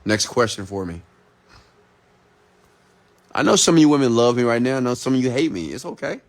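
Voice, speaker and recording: A man's voice: mid-range voice, very animated, brisk. A man who is an entrepreneur and mentor, delivering a blunt, profane, confrontational late-night motivational rant.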